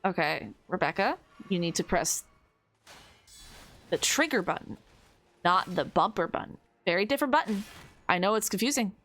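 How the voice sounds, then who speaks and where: Woman, game streamer, casual commentary, playful, swearing, very animated voice. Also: medium pitch. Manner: playful, swears often, talks to the enemy; rambling fast self-talk.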